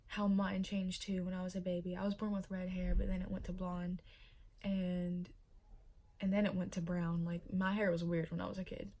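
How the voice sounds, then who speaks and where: A woman's voice: on the low side, warm tone. A young pregnant woman chatting casually in a vlog, emotional and full of fillers. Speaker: vlogger.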